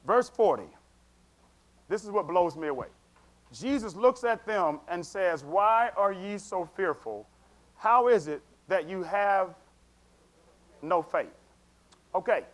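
High-voiced male preacher, loose conversational sermon delivery. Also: expressive, takes it slowly, long pauses. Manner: conversational, chuckling asides, repeats words, checks in with congregation.

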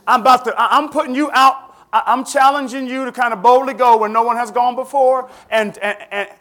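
A man's voice: very high-pitched, steady tone, a little fast, fairly bright tone. A man teaching a Bible study, questioning his listeners in a conversational way and laughing often.

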